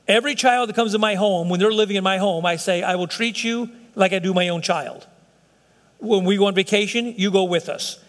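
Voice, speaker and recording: A middle-aged man preaching a sermon to his congregation, emphatic and conversational, often acting out quotes in other voices. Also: sits high. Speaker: pastor. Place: church sanctuary. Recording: long reverb of a hall.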